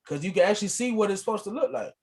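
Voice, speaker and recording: A man's voice: high voice, racing, vocal fry, a crowd in the background. A man co-hosting a podcast in casual chat, laughing easily and putting questions to the women.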